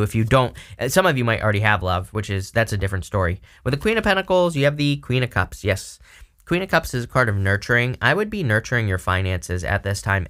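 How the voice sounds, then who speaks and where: A man's voice: lowish voice, a bit bright, smooth. Man giving a meandering tarot reading. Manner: meandering, conversational, frequent asides to viewers. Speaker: tarot reader, channel host. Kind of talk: casual tarot reading to camera.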